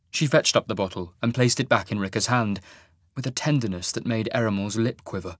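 A man reading fantasy fiction aloud in a measured, even manner. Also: lowish voice, husky, no room sound, clean studio sound. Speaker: audiobook narrator. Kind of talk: scripted fantasy narration.

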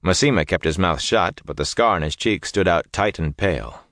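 A man reads an audiobook aloud in a steady, measured manner, his voice sitting low. The recording is dry and clean, with studio-quality sound.

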